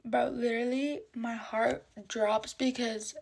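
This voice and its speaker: A woman's voice: on the high side, flat delivery, takes it slowly, gravelly, a little mellow. A woman telling a dramatic storytime while getting ready, full of slang and swearing.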